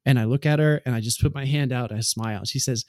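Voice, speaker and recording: Casual male podcast co-host, mid-pitched, long rambling story, dry close mic. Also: fast, a little mellow, no echo. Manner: rambling, anecdotal, many "like" and "right?" fillers.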